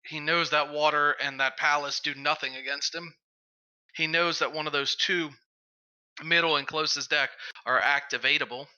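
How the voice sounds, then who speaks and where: A man casting a card game match, calling the plays in quick bursts that build to big moments. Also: on the high side, steady tone, pushed and bright, clear, resonant tone, lo-fi sound. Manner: rapid play-by-play, builds up to big calls. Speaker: esports caster. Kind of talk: excited game commentary.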